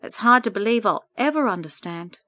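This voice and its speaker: A woman's voice: mid-range voice, expressive, fairly quick, bright, forceful tone, dry recording, pitched above the performer's own voice. A woman reading a story aloud, voicing a lonely grieving woman who talks through tears in anguish. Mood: dismal. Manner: tearful, anguished pleading.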